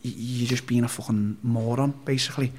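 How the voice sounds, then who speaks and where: Here a Liverpool-accented interview guest recounts something from his own life, casually, bluntly and with plenty of swearing as he rambles. His medium-pitched voice is a little mellow, with fairly even intonation and a slightly fast delivery.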